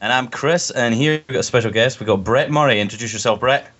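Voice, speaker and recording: A man's voice: medium pitch, quick pace, a bit bright. A young man co-hosting a casual podcast, rambling and joking with frequent restarts. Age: young adult. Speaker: podcast co-host, fan filmmaker. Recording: dull lo-fi sound.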